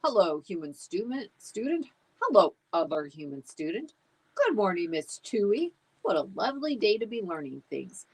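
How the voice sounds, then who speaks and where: Give me a woman voicing an eager, excitable pet dog. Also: mid-range voice, normal speed, breathy edge, pitched above the performer's own voice, poor audio. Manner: lively, raised and bouncy.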